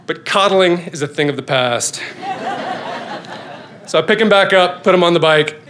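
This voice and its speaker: A middle-aged father tells a story to a live audience, his voice sitting a little high for a man. He lands wry, self-mocking beats with quick comic timing. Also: background noise. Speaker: father telling a personal story.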